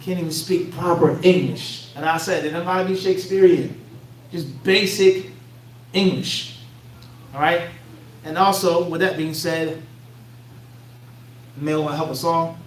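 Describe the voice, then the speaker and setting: A man's voice: on the high side, steady tone, a little slow, pauses often. A man with a Philadelphia accent giving an Islamic lecture to a class, bluntly streetwise, tossing out rhetorical "what?" questions for listeners to answer. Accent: Philadelphia American. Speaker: Islamic teacher. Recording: echoey room, mic far off, faint hum.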